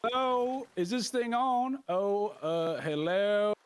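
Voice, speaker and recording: A booming, over-friendly island announcer with a southern drawl, as a game master puts him on. He pitches his voice well up and pushes it loud. He sounds thin and distant. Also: lively intonation, slow pace, a little hiss or hum. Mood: cheery. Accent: American Southern.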